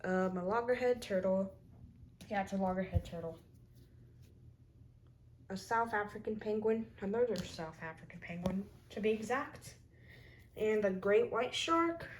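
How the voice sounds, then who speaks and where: A woman's voice: medium pitch, unhurried, long pauses, slight background noise, low-quality recording. A woman in a casual show-and-tell vlog, chatting as she lists her figures one by one with short comments. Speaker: toy collector showing her figures.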